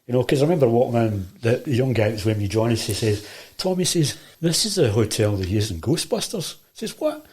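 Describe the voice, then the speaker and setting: A middle-aged Glaswegian man spins a long, rambling anecdote in a relaxed interview. He keeps circling back with restarts and acts out what everyone said, all at an ordinary middle pitch. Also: a little fast, hardly any pauses. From Scotland. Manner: rambling, animated storytelling with many restarts and quoted dialogue. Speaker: guest, martial arts teacher. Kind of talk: casual storytelling.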